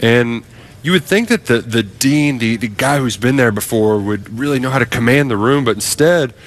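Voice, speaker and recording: A man appearing as a sports reporter guest on a talk radio show, making bold predictions in a playful, animated way. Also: medium pitch, moderate pace.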